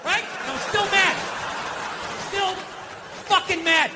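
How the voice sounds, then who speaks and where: A man doing profane, exasperated stand-up comedy, ranting and acting out shouted confrontations. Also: very high voice, slow, crowd noise, noisy background. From United States.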